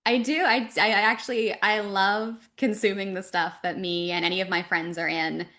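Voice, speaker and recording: Canadian woman voice actor chatting in an interview, lively and quick, lots of ums and likes. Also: mid-range voice. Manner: animated, talks in quick runs with fillers. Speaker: voice actress guest. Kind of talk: casual interview talk.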